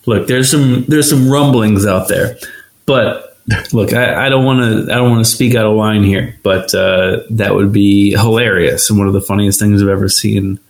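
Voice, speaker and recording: A man's voice: on the low side, steady tone, normal speed, creaky, roomy sound. A man hosting a podcast, giving casual, sarcastic, rambling commentary and laughing often. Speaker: podcast host.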